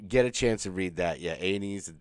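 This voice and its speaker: A man co-hosting a podcast, talking casually and profanely in a rambling way, often slipping into quick mimicked quotes. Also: low-pitched, no room sound. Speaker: podcast co-host. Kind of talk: casual chat.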